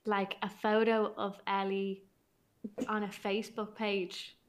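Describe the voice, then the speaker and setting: A woman's voice: medium pitch, little pitch movement, slow pace. A young Irish woman in her twenties hosting a podcast, chatty and giggly, rambling with many fillers. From Ireland. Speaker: podcast host. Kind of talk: casual chat.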